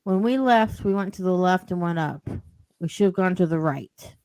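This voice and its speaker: A woman's voice: lowish voice, moderate pace, darkish tone, no room sound. A woman telling a rambling story as a podcast guest, with lots of "like" and "you know". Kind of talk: casual storytelling.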